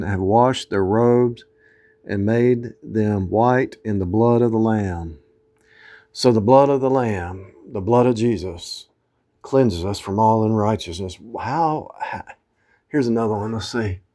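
This preacher has a mellow voice on the low side. He delivers an informal sermon, reciting scripture in archaic language, scolding his audience and erupting in emphatic bursts.

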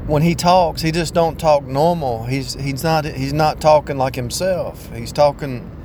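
A man's voice: on the high side, measured pace, dark tone, voice pushed up, close to an everyday voice. A man quoting his wife in a marriage counseling session, insistent and repeating herself. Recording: street and car noise behind.

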